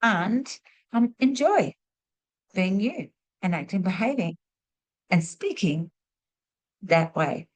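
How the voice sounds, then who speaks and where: A woman teaching an online spiritual class over a video call, warmly praising each participant as she leads a sharing round. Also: medium pitch, lively intonation, slow, pauses often. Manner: warm, repeats praise words in threes.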